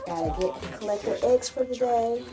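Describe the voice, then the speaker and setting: A woman's voice: a little high, fairly quick. A woman, chatting casually with plenty of ums as she walks around her small farm. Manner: chatty and informal, with frequent ums. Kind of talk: casual vlog chat.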